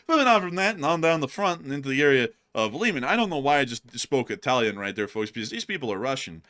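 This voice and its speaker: A man's voice: medium pitch, sing-song, fast, hardly any pauses, a bit bright. A man hosting a war news show, giving casual commentary and joking as he addresses his viewers as folks.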